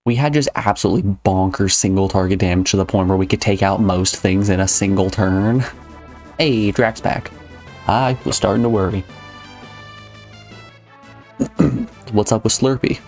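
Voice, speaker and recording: Man, streamer, casual rambling chat, lowish voice, faint game music behind. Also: fairly even intonation, moderate pace, pauses often, a little mellow. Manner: rambling, chatty, addresses chat. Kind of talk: casual live gameplay chat.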